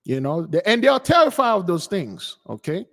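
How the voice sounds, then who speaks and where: A man's voice: sits high, big pitch swings, a little fast, creaky, a bit bright, big-room sound. A man hosting a spiritual channel, chatting casually with listeners he calls beloved, often repeating and restarting his words. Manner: repetitive, stammering, addresses listeners as beloved. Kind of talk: casual live commentary.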